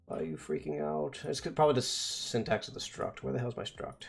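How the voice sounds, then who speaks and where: A male streamer thinks out loud at a mid-pitched, everyday level, mumbling half-sentences and cursing under his breath while he debugs. He slips into plain step-by-step explanations of his code, with faint music playing behind him. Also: very animated, a little fast, creaky. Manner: mutters to himself, swears, frustrated debugging. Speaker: vtuber streamer. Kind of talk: casual coding stream talk.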